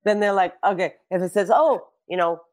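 Woman, 50s, casual chat, animated storyteller, swears freely. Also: on the low side, fairly quick. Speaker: celebrity guest.

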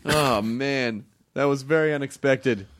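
A man's voice: mid-range voice, a little slow, crowd noise. A man hosting a casual podcast chat, laughing often and acting out stories with quoted voices. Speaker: podcast host.

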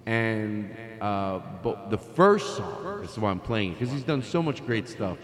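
A man with a slightly low voice tells a loose story on his podcast, full of fillers and restarts. His voice sounds roomy, with a long reverb tail behind it. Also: sing-song, measured pace. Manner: chatty, trails off with fillers. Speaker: comedy podcast host. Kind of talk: casual storytelling.

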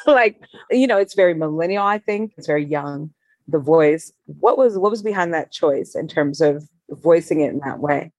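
A podcast host asking questions in relaxed, casual conversation, full of fillers. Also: mid-range voice, moderate pace, no echo. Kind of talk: casual interview chat.

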